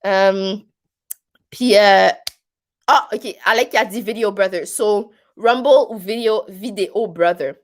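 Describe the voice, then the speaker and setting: A woman's voice: mid-range voice, a little slow. A woman with a Québécois French accent hosting a casual live stream, chatty and rambling, with many fillers. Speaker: live stream host reading viewer comments.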